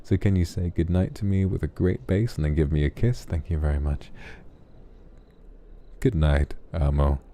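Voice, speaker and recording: A man hosting a soft late-night ASMR stream, gently reading viewers' messages aloud and answering them affectionately. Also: low voice, fairly quick, hardly any pauses.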